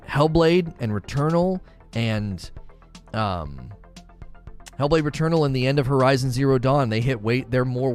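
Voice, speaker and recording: A man chatting casually and earnestly, often repeating himself as he talks about what moves him. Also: medium pitch. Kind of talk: casual chat.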